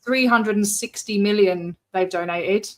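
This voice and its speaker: A woman's voice: mid-range voice, a little slow. A woman host from Scotland with a London accent and an Australian twang, chatting casually and swearing freely in an interview.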